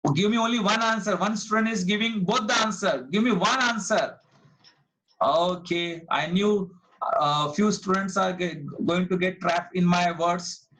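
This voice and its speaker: A man's voice: sits high, fairly bright tone, low-quality recording. A man with an Indian English accent teaching a live online commerce class, quizzing students, repeating key phrases and praising correct answers.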